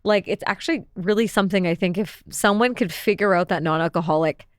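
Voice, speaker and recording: A young woman hosts a podcast conversation in an eager, chatty way, leaning on fillers as she thinks aloud. Her voice sits at a mid pitch and sounds close and dry. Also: a little fast, no echo. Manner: enthusiastic, chatty, many fillers. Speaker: podcast host. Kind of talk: casual interview chat.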